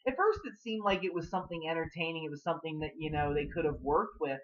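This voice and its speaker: A man's voice: fairly high pitch, lively intonation, a bit bright, highs cut off. A man giving a casual spoken review of a TV episode. He rambles and leans hard on fillers like "you know" and "like". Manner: acts out characters' lines in quick bursts.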